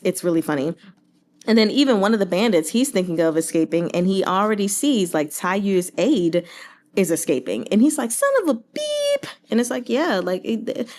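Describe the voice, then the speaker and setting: A young woman chatting casually about a novel she is reading along, animated and sarcastic, with jokey voices for the characters. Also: medium pitch. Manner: animated, sarcastic asides and silly put-on voices. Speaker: book reviewer reading along.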